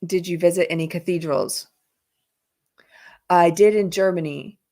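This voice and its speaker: A chatty woman hosts a live stream, rambling through stories and answering comments from her chat. Her voice sits low for a woman, and she laughs easily as she talks. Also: measured pace, dark tone. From South Carolina, USA. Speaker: livestream host. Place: indoors while traveling. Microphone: headphones in, computer mic.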